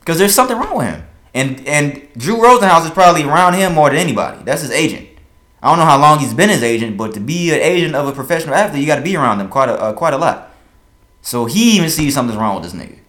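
Fast-talking young man hosting a podcast. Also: on the high side. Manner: rapid, profane, animated commentary. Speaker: podcast host. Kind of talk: casual podcast chat.

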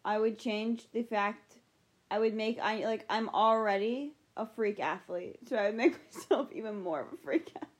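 A woman's voice: mid-range voice, moderate pace. A young woman co-hosting a podcast in casual chat, playful and teasing. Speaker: podcast co-host.

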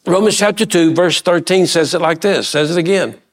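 A man's voice: high-pitched, a little fast. A middle-aged man preaching a sermon, building emphasis and asking the congregation questions, with folksy asides and repeated words. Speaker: pastor.

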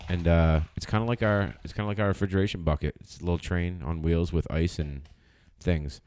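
A man's voice: sits low, fairly even intonation, brisk, a little mellow, a little hiss or hum. A man co-hosting a podcast, swearing, laughing and telling stories in casual chat. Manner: profane, laughing, storytelling banter. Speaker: podcast co-host.

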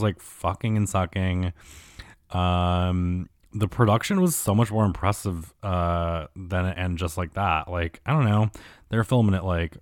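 A man's voice: low-pitched, darkish tone, no echo, clean studio sound. A young man hosting a show, ranting casually and crudely with lots of filler words. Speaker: commentary podcast host. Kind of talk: casual comedic rant.

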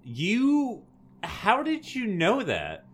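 A man co-hosting a podcast in casual chat, reacting with playful, quick interjections. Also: sits high, wildly swooping pitch, husky. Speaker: podcast co-host.

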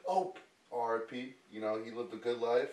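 A man's voice: medium pitch, moderate pace, darkish tone. A man in casual chat as a podcast co-host, answering with short, dry reactions. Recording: roomy, distant mic.

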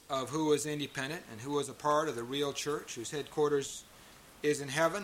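A man preaches to a gathered congregation in a bright, forceful voice pitched a little high. He drives his points home with emphasis and keeps turning to the listeners with rhetorical questions. A faint hiss sits under the recording. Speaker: pastor. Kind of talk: sermon. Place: church meeting.

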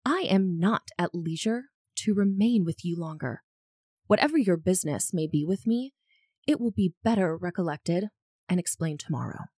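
A woman's voice: lowish voice, expressive, moderate pace, warm tone, breathy edge, dry recording, studio quality. A woman reading aloud the lines of a composed young lady from a period novel, firm and cool in her refusals.

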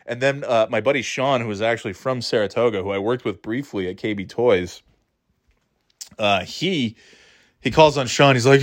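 A man's voice: mid-range voice, expressive, moderate pace. A man in his forties telling a story from his school days in a rambling, profane, self-mocking way. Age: 40s. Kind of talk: casual storytelling.

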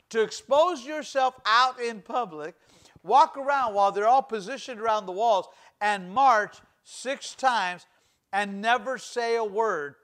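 A middle-aged male pastor delivers a fervent sermon in a high, ringing voice. He leans into the scripture, voicing its people with conviction. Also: fairly bright tone.

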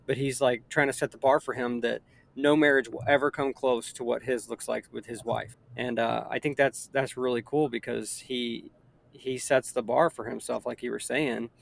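A man's voice: medium pitch, fairly even intonation, normal speed, gravelly, slight background noise. A man in his thirties chatting earnestly in a casual conversation, rambling with frequent restarts.

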